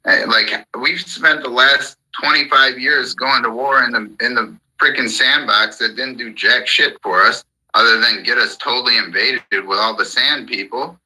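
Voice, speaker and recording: Host of a live voice room, heated and profane, with a husky, sharp-edged tone. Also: male voice, medium pitch, normal speed, hardly any pauses, low-quality recording. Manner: heated, profane, repetitive ranting. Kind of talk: angry political rant. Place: call-in audio chat room.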